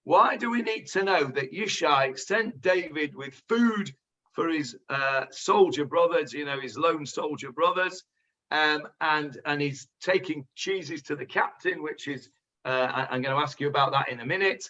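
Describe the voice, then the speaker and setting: A man, a rabbi leading a Bible study class, thinking aloud with many pauses and fillers as he answers his students. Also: a little high, bright, forceful tone. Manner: thoughtful, hesitant with many fillers. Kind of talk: teaching and discussing with students. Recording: lo-fi recording.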